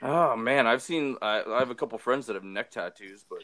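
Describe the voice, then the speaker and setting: A man's voice: medium pitch, brisk, a crowd in the background. A man co-hosting a podcast, joking in a laid-back casual chat. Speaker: podcast co-host.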